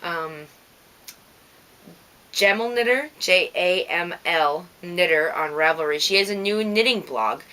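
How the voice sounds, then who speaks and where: A woman's voice: fairly low pitch, animated, unhurried, pushed and bright. A woman with a light Minnesota accent, hosting a knitting podcast in casual, rambling chat and thanking listeners by name.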